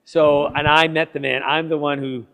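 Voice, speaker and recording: A man, a priest, telling stories to his catechism class in a lively, laughing way, acting out what people said. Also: a little high, normal speed, vocal fry, clean tone. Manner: animated, laughing, acting out dialogue. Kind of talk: casual classroom storytelling. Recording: long hall reverb.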